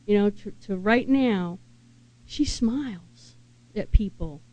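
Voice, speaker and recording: A woman preaching a sermon in an earnest, unhurried way and asking her listeners many questions. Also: mid-range voice, warm tone, muffled recording.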